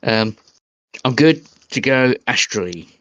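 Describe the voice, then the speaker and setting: A man's voice: mid-range voice, expressive, slow, a bit bright, no echo, highs cut off. A man playing a tabletop game, musing and hesitant as he works out his options. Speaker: player. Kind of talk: casual tabletop play.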